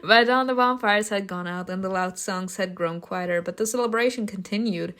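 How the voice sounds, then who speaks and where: A woman reading a story game's narration aloud, breaking off for loud, laughing reactions and casual swearing. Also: medium pitch, brisk. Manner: reads narration evenly, bursts into loud laughing outbursts. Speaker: streamer reacting to a story game.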